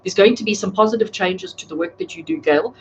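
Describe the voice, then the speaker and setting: A fast-talking woman with medium pitch gives tarot readings on a live stream from home, speaking to the camera chattily and using viewers' names. The recording is rough, with a bit of background noise.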